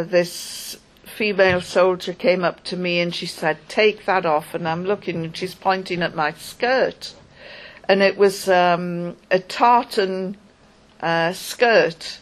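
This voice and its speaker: Slow, halting woman telling a story. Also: lowish voice, poor audio. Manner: halting, wry storytelling with pauses. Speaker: interviewee recounting an experience. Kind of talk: first-person spoken account.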